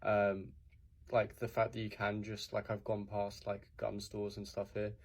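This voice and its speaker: A young man, a student, counting down points to camera in a relaxed, matter-of-fact way. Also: fairly low pitch, measured pace. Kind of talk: listicle vlog to camera.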